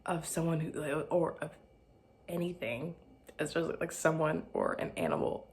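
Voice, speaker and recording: A woman's voice: low voice, moderate pace, slight background noise. A tired young woman from Arkansas with a light Southern lilt, rambling casually on her solo podcast and often dropping to a whisper. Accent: light Southern American. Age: young adult. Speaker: podcast host.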